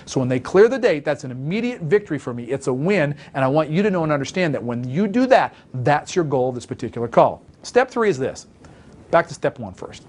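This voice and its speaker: Very animated and brisk, this sales trainer speaks with a fairly high pitch and a darkish tone. In his instructional talk, he emphatically coaches listeners on sales calls and performs example calls.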